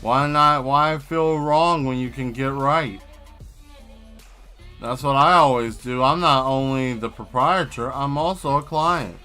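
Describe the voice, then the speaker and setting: A man's voice: mid-range voice, unhurried, pushed and bright, smooth, soft background music. A man chatting casually on a live stream while he draws, rambling and riffing on jokes. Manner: rambling, joking riffs. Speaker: streaming artist.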